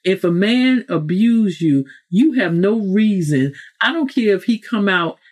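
In an animated, mid-range voice that is a little slow and slightly mellow, a woman hosts a motivational podcast. Her monologue is preachy and aimed squarely at the listener, punctuated by frequent self-corrections and asides.

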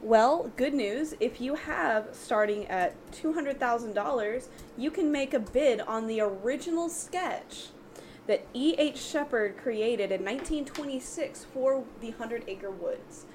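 A woman's voice: a little high, animated, unhurried, darkish tone, a little hiss or hum. A woman co-host in a casual panel chat who explains stories at some length.

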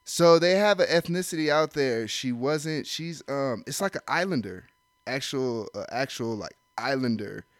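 A man's voice: medium pitch, animated, moderate pace, dry recording. A young man in casual chat, telling a loose, slangy story with plenty of profanity. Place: indoor room.

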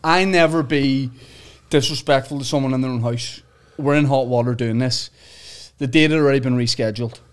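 A man, a comedian guest trading jokes in casual podcast banter. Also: mid-range voice. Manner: jokey, quick asides, laughs a lot. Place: podcast studio.

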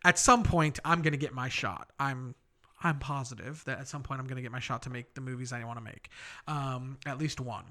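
A young man chatting casually on a podcast, telling stories from film sets with quick asides and self-deprecating laughs. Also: mid-range voice, fairly even intonation, pushed and bright. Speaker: podcast co-host, film visual effects worker. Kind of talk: casual chat.

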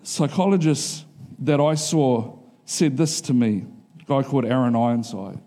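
A middle-aged male pastor preaching a sermon in a casual, conversational way, often asking the congregation if they are following him. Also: unhurried. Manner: acts out quotes in a higher animated voice.

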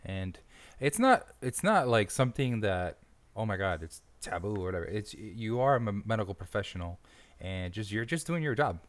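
A man hosting a casual podcast interview, an animated storyteller who swears freely and laughs often. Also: on the low side, moderate pace. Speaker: podcast host and firefighter.

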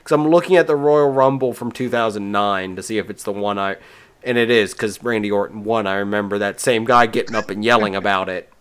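Guy with a bright smooth voice, casual chat, lots of stumbling restarts. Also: lowish voice, fairly quick.

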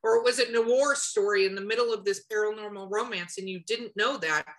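A woman chatting casually on a podcast, animated and quick to act out little quotes. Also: rough recording. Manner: animated, acts out quotes with shifting pitch. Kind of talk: casual chat.

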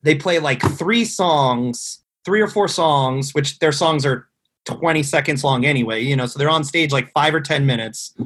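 A man with a slightly higher, husky voice tells a long, rambling tale in casual podcast chat. He swears freely and fills his talk with "like" and "you know.". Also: normal speed, fairly bright tone. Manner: rambling storyteller, profane, many fillers. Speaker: guest telling a tour story.

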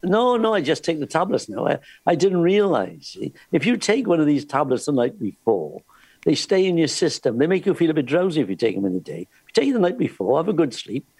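An older man, a former cruise ship entertainer, telling lively anecdotes with frequent laughs. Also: a little high, a little fast, breathy edge, no room sound. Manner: lively storyteller, laughs often, restarts. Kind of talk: anecdotal chat.

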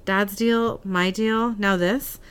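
A woman reading the lines of a hardened adult male demon hunter in a gruff, clipped, low voice. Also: steady tone, slow, natural voice.

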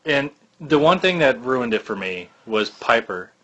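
A man's voice: mid-range voice, very animated, measured pace, sharp tone, lo-fi sound. A man co-hosting a casual podcast, talking animatedly and acting out quotes with big jumps in his voice. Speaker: podcast co-host. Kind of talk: casual chat.

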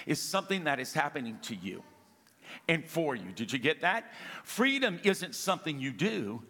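Bright-voiced male pastor preaching in a hall. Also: on the high side. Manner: emphatic preaching, calls for congregation response. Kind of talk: sermon. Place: church sanctuary. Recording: long reverb of a large hall.

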